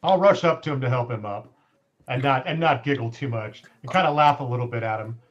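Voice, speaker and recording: Relaxed man playing a tabletop game. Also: medium pitch, fairly quick, highs cut off. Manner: relaxed, hesitant, says "like" often. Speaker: player. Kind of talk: casual tabletop play over a voice call.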